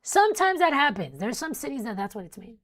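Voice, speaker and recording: A woman's voice: on the high side, big pitch swings, quick pace, a bit bright. Chatty woman hosting a weather livestream. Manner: chatty, reads warnings then jokes with chat. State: sleepy, yawning. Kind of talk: casual live weather coverage.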